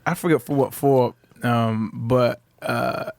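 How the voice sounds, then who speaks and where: A relaxed man from New Mexico with a mid-range voice, chatting as a podcast guest. He laughs often and circles back on his thoughts, and the sound is dry and close. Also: medium pitch, takes it slowly, vocal fry, no echo. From Albuquerque, New Mexico. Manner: relaxed, laughs easily, trails off and restarts. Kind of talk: casual chat.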